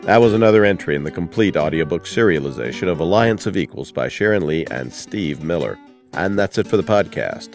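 Deep-voiced man hosting a podcast. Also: animated, a little fast, faint music behind. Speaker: podcast host. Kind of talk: podcast outro.

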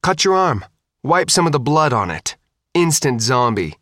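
A man's voice: mid-range voice, big pitch swings, moderate pace, a bit bright, dry recording, studio quality, pitched above the performer's own voice. A man narrating an audiobook, voicing a fierce, scornful teenage girl fighter in a raised voice. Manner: biting, scornful, commanding.

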